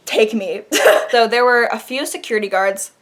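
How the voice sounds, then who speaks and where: A young woman vlogger telling a dramatic personal story in an animated, casual way. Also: fairly high pitch, normal speed. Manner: animated, dramatic retelling with laughs. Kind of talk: storytime vlog.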